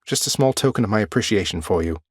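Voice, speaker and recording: Wry young prince of the underworld, game lines, lowish voice, dead dry studio. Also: male voice, expressive, quick pace, husky, no echo. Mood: friendly. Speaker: game character.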